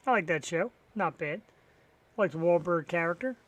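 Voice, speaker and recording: A man's voice: high voice, lively intonation, moderate pace, a bit bright, no echo. A man hosting a live online talk show on his own, rambling casually with wry, profane asides. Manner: rambling, profane and wry, sarcastic about sports. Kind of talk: solo live-stream chat filling time.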